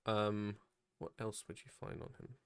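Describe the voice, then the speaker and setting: A man's voice: fairly low pitch, completely flat delivery, unhurried, a bit bright, clear, resonant tone. A man narrating as dungeon master, hesitant and full of ums, describing the action. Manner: hesitant, many ums, laughs often. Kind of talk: narrating a tabletop game.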